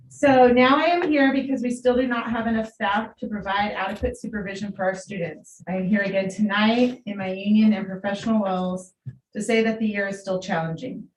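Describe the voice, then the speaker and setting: A woman, an eighth grade teacher and union representative, giving candid public comment at a school board meeting. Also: medium pitch. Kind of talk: public comment, reading a letter then speaking freely. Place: large meeting room. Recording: echoey room, distant mic, faint hiss.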